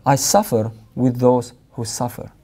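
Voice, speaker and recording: A man's voice: medium pitch, unhurried, warm tone. A man preaching a sermon in an earnest, emphatic way, repeating phrases for weight.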